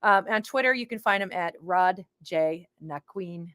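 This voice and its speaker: A woman hosting a live-streamed education event, bubbly and excitable, introducing a guest speaker. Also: lowish voice, a little slow. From Boston area. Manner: bubbly, excitable, laughs often. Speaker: event host.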